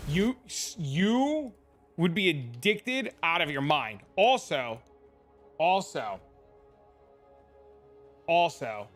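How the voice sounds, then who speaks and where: Young male streamer, slightly high voice, casual and profane, faint music underneath. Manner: profane, excitable, talks to his cats. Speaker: gaming streamer. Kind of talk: casual livestream chat.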